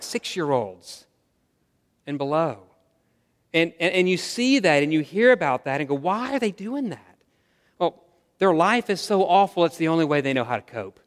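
A man's voice: fairly high pitch, in a large hall. A man preaching a sermon to his congregation in an earnest, conversational way, asking them questions. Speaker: pastor. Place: church sanctuary.

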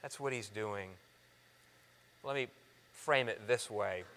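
A man preaching a sermon, earnest, calling his listeners friends and shifting from loud emphasis to soft, hushed lines. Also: lowish voice, slow pace. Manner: addresses the congregation as friends. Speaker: pastor. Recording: long reverb of a large hall.

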